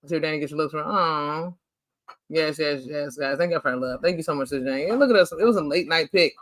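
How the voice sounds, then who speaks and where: A man hosting a casual chat over family photos, animated and playful, rambling with lots of "like". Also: fairly high pitch, fast, no echo. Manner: rambling, chatty, heavy use of "like". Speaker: host.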